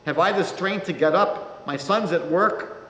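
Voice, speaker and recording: A man voicing a poor, sick, frightened widow in a high, strained, plaintive voice. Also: measured pace, fairly bright tone. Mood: fearful, complaining. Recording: reverberant lecture hall.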